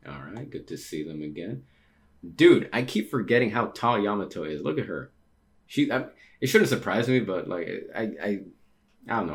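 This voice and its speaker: This is a man with a notably deep voice, hosting a casual manga read-through. He wanders between thoughts, filling gaps with ums and likes and restarting sentences as he reacts to each page. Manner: rambling, many fillers and restarts. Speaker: manga reader and commentator.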